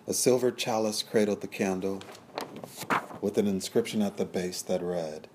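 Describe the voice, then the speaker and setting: A man narrating a period story in a measured, descriptive storytelling manner. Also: sits low, noisy background. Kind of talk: scripted audiobook narration.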